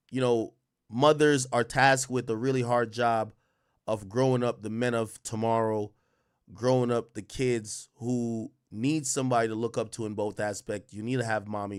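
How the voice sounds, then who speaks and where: A man hosting a livestream, reacting to a clip in an animated, slangy, profane way and thinking out loud. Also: a little high. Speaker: livestream commentary host. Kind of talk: live-stream reaction commentary.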